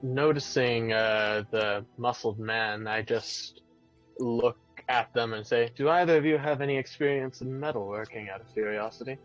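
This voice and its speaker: A man calmly describes what his character does in a tabletop game. His mic sounds dull and lo-fi, and faint music plays underneath. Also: mid-range voice, normal speed. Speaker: player. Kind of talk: casual tabletop play.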